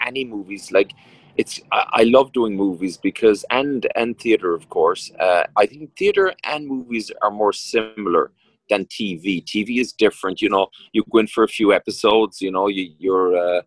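A middle-aged Irish actor from County Kerry, with the local accent, rambles through a casual interview, halting and restarting sentences with lots of fillers. His voice is lowish and animated, captured in a dry, low-quality recording.

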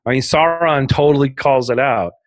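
A man's voice: medium pitch, moderate pace, no echo. Rambling man telling stories, dry sound. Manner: rambling storytelling with frequent fillers; darkly humorous, animated. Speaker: guest. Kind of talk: casual podcast conversation.

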